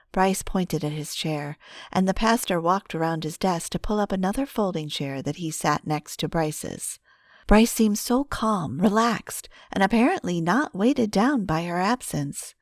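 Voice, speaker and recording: Low-voiced woman narrating an audiobook. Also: animated, a little slow, no room sound, studio quality.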